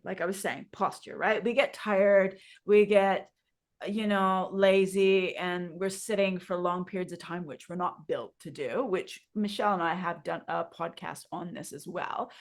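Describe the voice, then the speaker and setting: A woman's voice: fairly low pitch, fairly even intonation, a little slow. A woman yoga teacher co-hosting a podcast, explaining breathing in a guiding way and asking her listeners questions. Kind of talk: instructive podcast chat.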